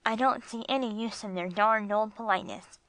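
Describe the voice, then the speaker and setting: A woman voicing Gringo, a gruff streetwise bulldog. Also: on the high side, fairly quick, a bit bright, natural voice. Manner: gruff slangy street talk. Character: tough streetwise male bulldog, gruff and blunt. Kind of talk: audiobook character voice.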